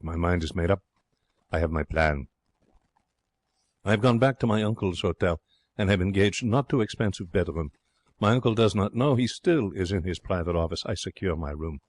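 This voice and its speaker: Brief: male narrator as a romantic young Frenchman, theatrical, broken English, lowish voice, dry studio sound. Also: animated, normal speed, dry recording. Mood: excitable. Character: excitable young Frenchman, romantic would-be artist. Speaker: audiobook narrator. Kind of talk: audiobook reading.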